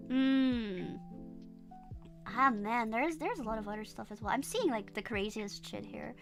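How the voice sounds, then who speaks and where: Loud bubbly streamer girl, laughs a ton, swears, says sorry constantly, faint music behind. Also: on the high side, a little slow. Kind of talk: casual livestream chat.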